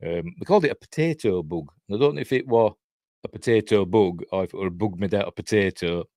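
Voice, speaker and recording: Low-voiced Yorkshire man rambling about films. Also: fast talker, warm tone, no room sound, studio quality. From Yorkshire, England. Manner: rambling, chatty, with trivia asides. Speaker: film reviewer. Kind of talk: casual film commentary over clips.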